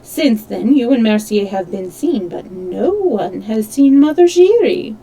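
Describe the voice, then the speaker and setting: A furious male theatre secretary, as a woman reads him, speaking low and urgent. He hisses accusations under his breath. A storybook reading voice. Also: expressive, unhurried, warm tone, poor audio. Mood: hushed accusing.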